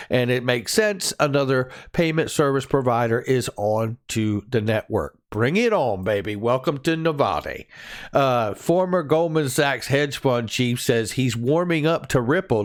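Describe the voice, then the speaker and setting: A man runs through the day's crypto headlines in a loose, conversational way. He is upbeat and enthusiastic, tossing in jokes and laughing at his own quips as he goes. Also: mid-range voice. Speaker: crypto news channel host. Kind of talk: casual crypto news commentary.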